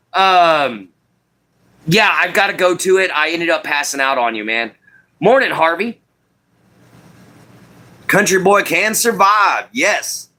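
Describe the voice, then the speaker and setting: A Texan man with a country twang hosts a loose, rambling live-stream chat. His voice sits a little high for a man and is bright and forceful. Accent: Southeast Texas country twang.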